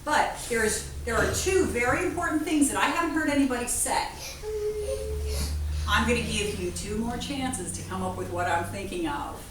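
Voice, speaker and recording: A woman veterinarian giving a playful, animated talk to a class of children, asking them questions. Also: a little high, moderate pace. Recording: echoey room from far off, faint noise.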